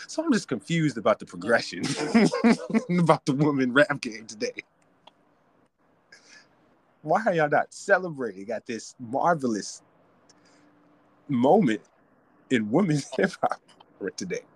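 A man's voice: medium pitch, very animated, unhurried, long pauses, husky. A man hosting a podcast alone, ranting theatrically about hip hop culture. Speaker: podcast host. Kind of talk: solo podcast rant.

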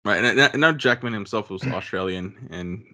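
A man's voice: fairly low pitch, normal speed, sharp tone. A man in casual podcast chat, easygoing and joking.

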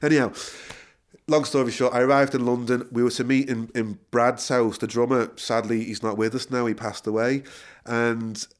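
A middle-aged man, a musician guest, telling a story in a casual interview, laughing and correcting himself as he goes. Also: mid-range voice. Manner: animated storyteller, quick self-corrections, frequent laughter.

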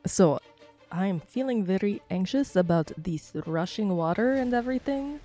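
A woman's voice: mid-range voice, animated, moderate pace, dark tone, faint music behind. A woman player in a tabletop game, talking in a blunt, matter-of-fact way. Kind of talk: casual tabletop role-play.

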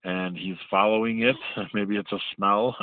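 Casting: male comedy podcast host, low voice, loose and laughing, narrating a clip. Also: steady tone, measured pace. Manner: rambling, laughing, full of fillers. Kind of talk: comic video recap. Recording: tinny phone-like sound.

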